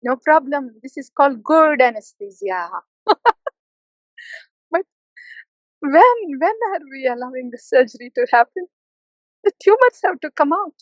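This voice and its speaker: High-voiced woman giving a devotional talk. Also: animated, measured pace, long pauses, no room sound, rough recording. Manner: playful, mimics complacent listeners with soft laughs. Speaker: spiritual teacher.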